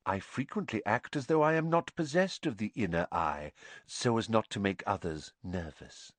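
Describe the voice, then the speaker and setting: A man's voice: mid-range voice, huge pitch swings, moderate pace, dry recording, voice pushed up. A man voicing a misty, haughty older woman seer who speaks in airy, melodramatic tones.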